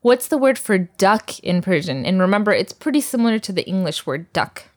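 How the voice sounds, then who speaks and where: A woman's voice: mid-range voice, expressive, fairly quick. A woman teaching a recorded language lesson, patiently drilling words and laughing often.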